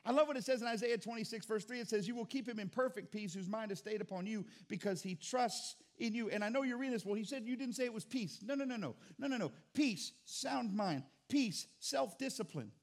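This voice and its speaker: A pastor preaching a sermon, animated and acting out little dialogues, moving from loud bursts to quiet, low reflection. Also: male voice, brisk, hardly any pauses. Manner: animated, acts out voices and dialogue. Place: church sanctuary.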